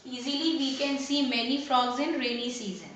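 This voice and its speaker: A woman teacher, giving a lesson to young children, slowly repeating each word and asking questions aloud. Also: high voice, fairly even intonation, fairly bright tone. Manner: slow, repeats words and asks questions aloud. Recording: very echoey room with faint noise.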